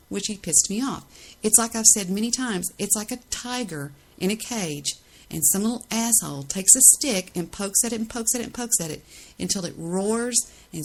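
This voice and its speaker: A woman's voice: medium pitch, creaky, poor audio. A woman hosting her own podcast in a ranting monologue, indignant and defensive, repeating phrases for emphasis. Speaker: podcast host.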